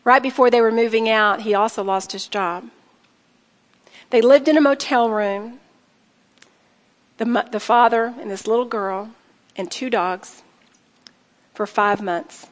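A middle-aged woman with a slightly high voice tells a heartfelt personal story to an audience. She speaks earnestly and turns to her listeners often. Her voice rings with long reverb, as if in a large hall. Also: measured pace, pauses often. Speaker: speaker sharing a personal testimony. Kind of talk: emotional personal testimony to an audience.

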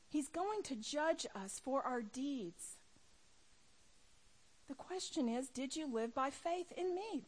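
A middle-aged woman preaching a sermon to women, impassioned, dropping to a hush and then rising loud. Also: sits high. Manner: impassioned, swings from hushed to loud. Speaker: women's ministry speaker.

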